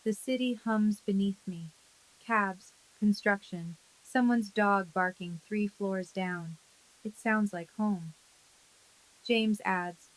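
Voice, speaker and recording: Woman calmly narrating a first-person story. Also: medium pitch, takes it slowly, poor audio.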